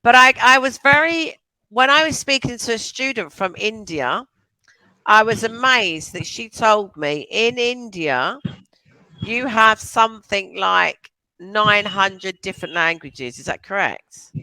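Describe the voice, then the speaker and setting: Bright-voiced London woman tutoring online. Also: medium pitch, expressive, measured pace, dry recording, poor audio. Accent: London English. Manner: chatty and encouraging, asks many questions. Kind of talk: casual conversation lesson. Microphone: video call.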